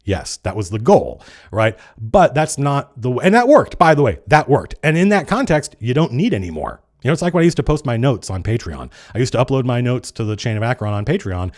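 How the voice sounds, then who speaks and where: A middle-aged man hosting a casual livestream chat, talking fast and acting out the people he quotes, with some swearing. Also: medium pitch. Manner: animated, swearing, acts out quoted players. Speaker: streamer and game designer hosting a live chat.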